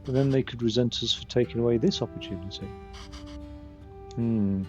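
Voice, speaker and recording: A man's voice: mid-range voice, normal speed, highs cut off, music in the background. A man streaming a game live, reading the characters' lines aloud and commenting between them.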